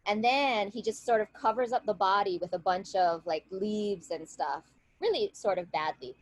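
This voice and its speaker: A woman's voice: medium pitch, moderate pace, dry recording, poor audio. A woman retelling a legend in a casual, conversational way, often checking in with her listeners over a video call. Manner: lively, conversational, checks in with "right?". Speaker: storyteller and guest speaker.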